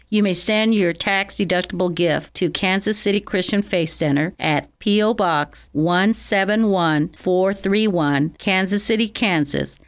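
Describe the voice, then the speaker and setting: A woman preacher, slowly reading scripture and teaching in a weekly Bible message. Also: on the low side. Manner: slow, deliberate scripture reading. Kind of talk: radio Bible teaching sermon.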